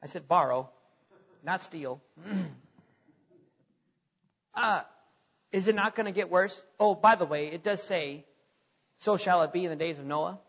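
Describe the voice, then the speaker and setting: High, lively preacher in a reverberant church. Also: male voice, a little slow, long pauses. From Texas. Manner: animated, jokey, acts out mocking voices. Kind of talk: sermon. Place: church sanctuary. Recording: dull sound with long hall reverb.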